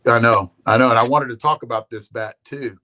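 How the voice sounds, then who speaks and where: A man talking in easygoing, rambling chat as a regular guest on a live stream. His pitch sits right in the middle of the range for men. He drifts from point to point, restarts his sentences and drops in casual curses. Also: brisk, sharp tone. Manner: rambling, laid-back, swears casually, repeats words.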